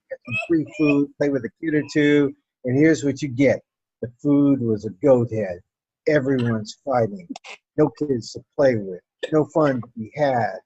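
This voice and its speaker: A woman telling a personal story in an animated, wry and profane way. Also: very deep voice, breathy edge, dry recording, lo-fi sound.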